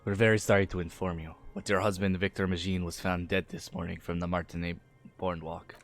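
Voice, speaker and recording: A man voicing a calm, formal police lieutenant in a measured tone. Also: sits low, faint music behind.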